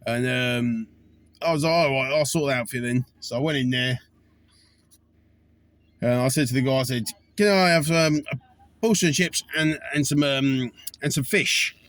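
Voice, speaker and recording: A man's voice: medium pitch, normal speed, long pauses, fairly bright tone, dry recording. A man, a taxi driver telling rambling stories about his fares, full of fillers and restarts. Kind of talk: casual storytelling to camera.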